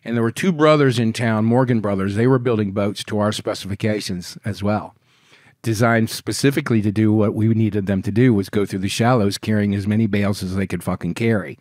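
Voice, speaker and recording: A man in his sixties, a podcast guest telling wild stories in a rambling, profane, animated way. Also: fairly low pitch, a little fast, no room sound, clean studio sound. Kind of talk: casual storytelling interview.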